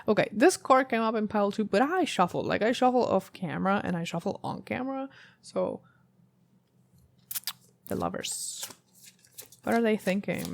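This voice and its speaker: A woman's voice: fairly low pitch, gravelly. A woman giving a casual tarot reading to camera, rambling and thinking aloud with many fillers. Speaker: tarot reader.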